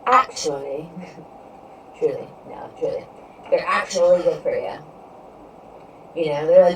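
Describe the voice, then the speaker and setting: A woman chats loosely with her live-stream audience, drifting between topics and leaning on "you know" every few words. Her voice sits a little low, and she sounds set back from the microphone, with a faint hiss in the background. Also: a little slow, pauses often. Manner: rambling, leans heavily on "you know". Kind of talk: casual live-stream chat with viewers. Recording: distant mic with faint background noise.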